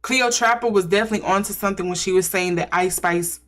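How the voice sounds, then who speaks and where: A woman's voice: medium pitch, fast talker, a bit bright. A woman giving a casual intuitive tarot reading, musing and thinking aloud as she speculates. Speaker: tarot reader.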